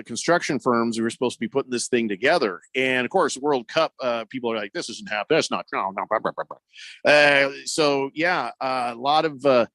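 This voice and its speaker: A man co-hosting a sports radio show, reading listener messages out loud and riffing on them in a loose, joking way with plenty of fillers. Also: mid-range voice, dry recording. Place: radio studio.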